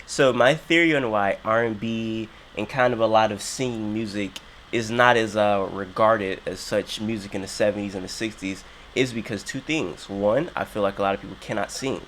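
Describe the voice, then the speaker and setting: A man's voice: lowish voice, moderate pace, few pauses, a bit bright, a little hiss or hum. A man hosting an interview, asking rambling, earnest questions and restarting his phrases often. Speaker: interview host. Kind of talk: casual interview chat.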